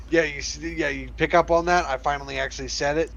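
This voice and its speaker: A man's voice: a little high, gravelly, fairly bright tone, no room sound, muffled recording. A man co-hosting a podcast, mumbling through fillers in casual banter. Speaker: podcast co-host.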